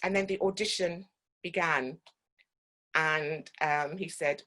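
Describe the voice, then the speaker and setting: A woman's voice: deep voice, fairly even intonation, slow pace, bright, forceful tone. A woman from Guyana, an actor giving a talk and telling personal stories with frequent ums.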